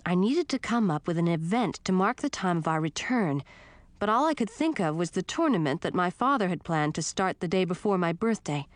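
A woman reading a first-person fantasy story with steady, expressive narration. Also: fairly low pitch, a little fast, no room sound. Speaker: audiobook narrator.

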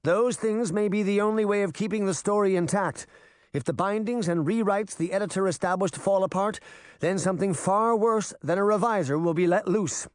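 A man's voice: sits high, moderate pace, no echo, studio quality, pitched above the performer's own voice, close to an everyday voice. A man voicing a commanding wicked queen, speaking in a grave, urgent way.

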